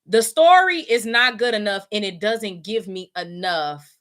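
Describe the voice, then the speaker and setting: Brief: woman host, bright voice, blunt profane rant. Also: medium pitch, animated, unhurried. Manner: blunt, profane, emphatic ranting. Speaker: podcast host. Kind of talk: casual chat.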